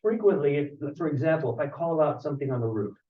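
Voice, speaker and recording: A man presents to an audience in a casual, storytelling way, acting out the people in his stories. His voice sits a bit high. He sounds far from the microphone in a roomy space with dull, muffled audio. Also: fast talker. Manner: storytelling, animated, acts out callers. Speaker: home inspector presenting.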